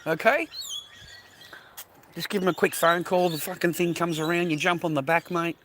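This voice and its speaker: Australian man, fairly high voice, swears a lot, rambles, outdoors, faint background noise. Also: normal speed, a bit bright. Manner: profane, rambling, slangy, repeats himself. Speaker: vlogger. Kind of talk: rambling casual monologue to camera. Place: outdoors by water with ducks.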